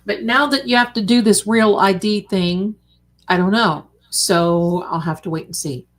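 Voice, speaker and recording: A woman hosting a casual late-night livestream, chatty and animated, calling her viewers darlings. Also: medium pitch, unhurried. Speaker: livestream host.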